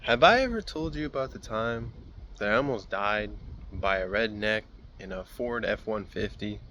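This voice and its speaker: Animated young man telling a story. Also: on the low side, moderate pace, dull audio, slight background noise. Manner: animated, profane, rambling storytelling. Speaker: vlogger. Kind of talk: casual story time.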